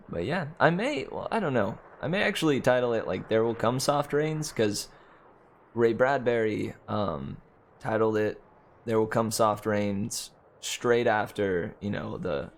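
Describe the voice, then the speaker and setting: A man's voice: fairly low pitch, lively intonation, a little slow, vocal fry. A man hosting a live stream, chatting casually and rambling with frequent laughs. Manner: rambling, laughs often, many fillers and restarts. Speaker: streamer and host.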